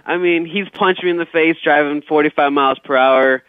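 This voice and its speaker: A comedian guest with a voice on the high side talks fairly quickly, telling casual, rambling comic stories while stammering and restarting sentences. The audio comes through a tinny phone line.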